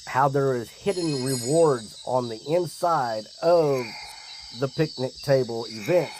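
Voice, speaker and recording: Slow, drawn-out man chatting over a game. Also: mid-range voice, background noise. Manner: slow, drawn-out, chatty, addresses viewers as guys. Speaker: gaming channel host. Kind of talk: casual game commentary.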